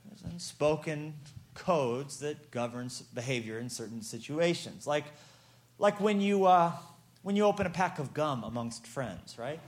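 A man's voice: fairly high pitch, lively intonation, measured pace. A man preaching a humorous sermon as a pastor, playful and storytelling, acting out little exchanges.

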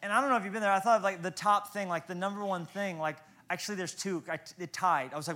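High-voiced pastor, self-mocking storyteller. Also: male voice, fairly even intonation, fast talker, hardly any pauses. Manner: self-deprecating storyteller, acts out quoted lines; prays in a soft, hushed tone. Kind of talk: sermon with humorous anecdotes.

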